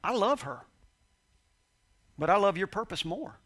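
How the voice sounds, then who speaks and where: A little slow and quite expressive, a male preacher with a high, slightly bright voice tells his congregation a personal anecdote. He keeps it conversational, performing dialogue and trading jokes and laughs with them.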